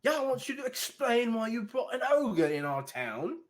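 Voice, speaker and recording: A man's voice: sing-song, moderate pace. A man voicing a stern young town guard who barks questions in a raised, pointed, exasperated voice. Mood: suspicious. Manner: high-pitched, demanding, exasperated.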